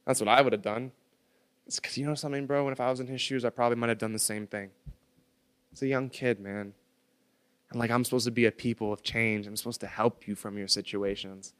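A man holds forth in a relaxed chat, telling a story with emphatic, slangy, profane energy. His voice sits low and comes through smooth and resonant.

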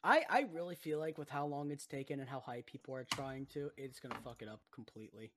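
Young guy on a gaming podcast, swears a lot, laughs loud, mid-pitch voice. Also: fast talker, noisy background. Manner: rants, swears, laughs loudly. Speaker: podcast co-host. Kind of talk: casual gaming podcast chat.

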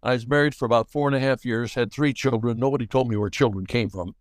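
Older man spinning animated stories. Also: mid-range voice, fast talker, no room sound. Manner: animated, acts out dialogue in quotes. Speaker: guest actor. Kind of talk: anecdotal storytelling.

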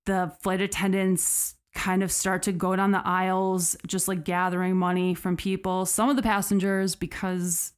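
A woman's voice: fairly low pitch, little pitch movement, normal speed, few pauses, clear, resonant tone. A woman hosting a podcast, telling a true story in a casual, conversational way with frequent fillers. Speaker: podcast host.

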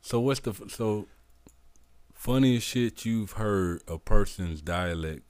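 Young man, very deep voice, dry close sound, jokey, swears a lot, casual podcast talk. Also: lively intonation, slow, darkish tone, clear, resonant tone, no echo. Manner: joking, profane, breaks into bits of song. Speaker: podcast co-host, veteran.

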